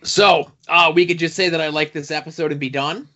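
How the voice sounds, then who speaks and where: Podcast co-host, male, bright and slightly high voice, rambling chat, lo-fi recording. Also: steady tone, a little fast. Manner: rambling, with many fillers and asides.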